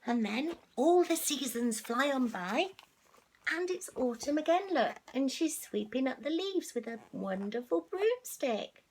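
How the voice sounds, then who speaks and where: An older woman who reads a story aloud to children, with animated asides, gasps and whispered remarks to her listeners. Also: sits high, measured pace, a little hiss or hum. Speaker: storyteller grandmother.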